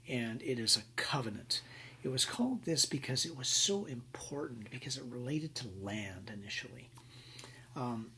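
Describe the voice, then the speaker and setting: Husky guy lecturing on business law, chatty, lots of ums, acts out little scenes. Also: mid-range voice, pushed and bright. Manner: conversational with frequent fillers and role-played examples. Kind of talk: university lecture.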